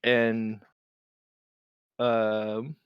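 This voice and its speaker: A man running a tabletop game as game master, narrating with many pauses and restarts. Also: lowish voice, monotone, smooth, no echo, muffled recording. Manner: halting, many fillers and restarts.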